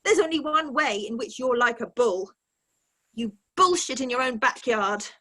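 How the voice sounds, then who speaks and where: A woman's voice: on the high side, animated, normal speed, fairly bright tone. A woman voicing a mocking female interrogator in an online script reading, taunting and probing. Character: mocking female interrogator, mother-daughter-holy-spirit figure. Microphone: video call mic.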